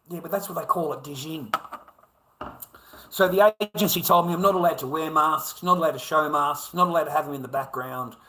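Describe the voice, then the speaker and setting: Ranting Australian man, pitched a bit high. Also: sharp tone, rough recording. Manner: rambling, profane rant that keeps addressing viewers as mate. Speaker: livestreamer. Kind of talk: casual livestream monologue.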